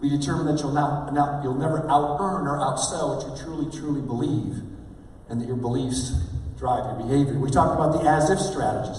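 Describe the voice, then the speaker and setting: A man's voice: medium pitch, a little hiss or hum. Man, motivational speaker, live stage talk, faint room ambience, long hall reverb. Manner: energetic, calls for audience replies. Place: large hall with a live audience. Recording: echoey hall, mic at a distance.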